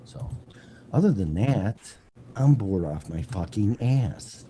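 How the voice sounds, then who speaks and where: A man hosts a casual audio stream from home, rambling and sarcastic with plenty of swearing. His voice sits low but jumps around a lot in pitch. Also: lively intonation, takes it slowly, dark tone, slight background noise. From Colorado. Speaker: host of a live talk stream. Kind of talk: casual live-stream talk show.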